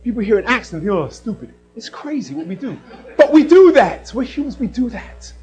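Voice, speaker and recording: A man preaching a sermon in an animated way, swinging from loud emphasis down to a quiet hush. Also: very high-pitched, fairly quick, soft background music, a faint crowd, low-quality recording.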